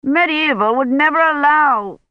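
A woman's voice: high-pitched, unhurried, dry recording, pitched above the performer's own voice. A woman voicing a pompous, self-important male administrator with an officious manner. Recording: dull lo-fi recording.

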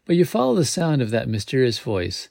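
A man's voice: mid-range voice, very animated, fairly quick, gravelly, a little mellow, no echo, studio quality. A man hosting a podcast, reading a gamebook aloud in a casual way, with slips and self-corrections. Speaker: podcast host.

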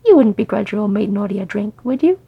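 A woman playing a loud dwarf rogue. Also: medium pitch, expressive, quick pace, gravelly, slightly rough, muffled recording. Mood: boisterous. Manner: loud, chummy and wheedling. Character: roguish old male dwarf thief, cheeky.

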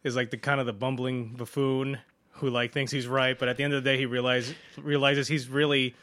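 A man's voice: medium pitch, level tone, fairly quick, a bit bright, dry recording. A young man co-hosting a podcast in casual chat, rambling with lots of fillers. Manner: rambling, many "like" fillers and restarts. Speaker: podcast co-host.

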